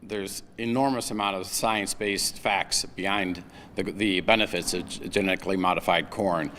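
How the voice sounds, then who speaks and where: Casting: low-voiced man in an interview clip, hesitant and stumbling, faint background noise. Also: steady tone, bright, forceful tone. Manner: halting, stumbles over words.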